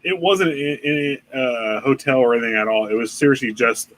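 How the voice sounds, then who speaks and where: A man's voice: medium pitch, normal speed, fairly bright tone. A man co-hosting a casual true-crime podcast, rambling and joking with lots of swearing and restarts. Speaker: podcast co-host.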